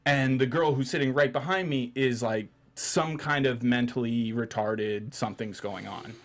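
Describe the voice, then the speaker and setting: Animated man telling a story. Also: mid-range voice, moderate pace. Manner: animated storyteller, acts out quotes loudly. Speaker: podcast host. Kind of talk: casual chat. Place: studio.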